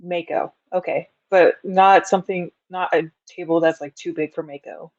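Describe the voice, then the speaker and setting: A woman's voice: fairly low pitch, steady tone, normal speed, a little mellow, dry recording. Hesitant woman player, dull lo-fi mic. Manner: hesitant, lots of ums. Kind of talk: casual tabletop play.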